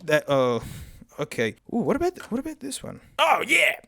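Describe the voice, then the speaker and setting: Lively, blunt Australian man. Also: sits high, normal speed, creaky, slight background noise. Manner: blunt, joking, says mate a lot. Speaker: headphone reviewer. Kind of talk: casual review vlog.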